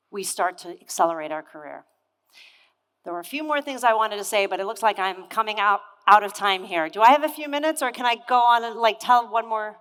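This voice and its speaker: Energetic woman giving a keynote in an echoey hall. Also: medium pitch, clear, resonant tone. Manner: energetic, questions the audience directly. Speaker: keynote speaker. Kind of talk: motivational keynote storytelling. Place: conference hall stage. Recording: echoey hall with long reverb.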